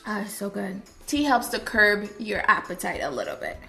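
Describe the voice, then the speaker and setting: Bright, chatty woman vlogging. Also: normal speed, gravelly, soft background music. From Trinidad and Tobago. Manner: chatty and animated, with lively jumps in pitch. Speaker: YouTuber. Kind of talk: casual vlog chat to camera.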